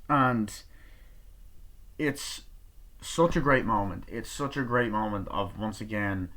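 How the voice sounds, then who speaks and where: A young man giving a casual, excited movie review, swearing freely and acting out lines from scenes. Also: fairly low pitch. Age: young adult. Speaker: film reviewer.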